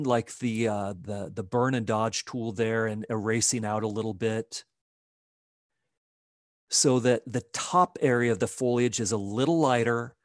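A man talks through a digital painting demo, calm and explanatory, with a middle-pitched voice. He walks the listener through each step as he paints. The sound is dry and close, with no room echo. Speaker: art instructor. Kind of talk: live painting demo narration.

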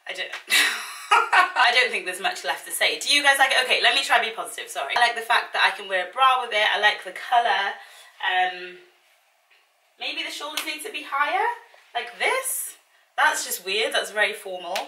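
On the high side and expressive, this young woman's voice is bright and forceful at a moderate pace. A vlogger in her twenties, she chats casually during an at-home try-on haul, dramatic, self-mocking and exasperated. The room echoes and the mic is placed at a distance.

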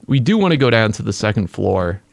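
A man narrating his own game play as he goes, an excitable gamer who exclaims at the creatures he finds. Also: on the low side, brisk, vocal fry, no echo. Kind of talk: casual gaming commentary.

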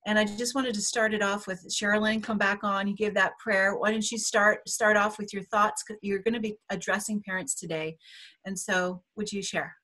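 A woman's voice: mid-range voice, fairly even intonation, moderate pace, pushed and bright. Hesitant woman hosting an online panel. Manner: hesitant, with many restarts. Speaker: summit host. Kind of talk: hosting a panel on video call. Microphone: video call.

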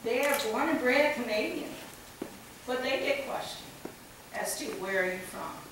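An American woman with a slight cold delivers a keynote in a slow, deliberate way, her voice pitched a little high. She is recorded from a distance in a very echoey hall. A faint noise runs underneath. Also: lively intonation, fairly bright tone. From United States. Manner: measured, deliberate delivery with light humor. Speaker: conference speaker. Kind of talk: conference keynote address.

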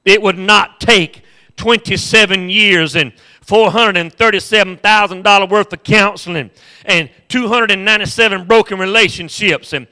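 A man's voice: high-pitched, normal speed, bright, forceful tone. A male pastor preaching a sermon with impassioned repetition and humorous storytelling.

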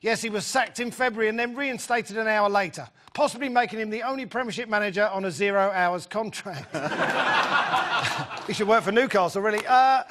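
High-voiced wry male comedy host. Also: moderate pace, bright, forceful tone, a little hiss or hum. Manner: dry, teasing, laughing at own jokes. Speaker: panel show host. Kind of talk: wry comic hosting. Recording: studio audience laughter behind.

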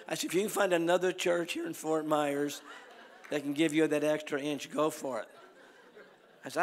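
Preaching a revival sermon, a middle-aged man working as an evangelist tells lively stories and breaks into squeaky voices for their characters. The recording, made in a large church hall, carries a long hall reverb.

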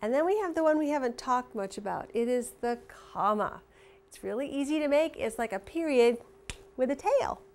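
Expressive woman teaching young children. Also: sits high. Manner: warm, expressive, slow and clear for young children. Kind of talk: children's reading and phonics lesson.

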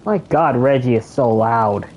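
A man's voice: mid-range voice, measured pace, darkish tone, dull audio, slight background noise. A man giving casual let's play commentary who explains the controls as he plays. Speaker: gameplay commentator.

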